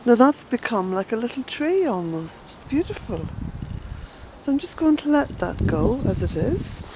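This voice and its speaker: An Irish woman chatting her way through a garden tour outdoors, fond and unhurried, with bursts of indignation. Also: on the high side, sing-song, background noise. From Ireland. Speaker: smallholder and author giving a garden tour. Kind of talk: casual walking garden tour.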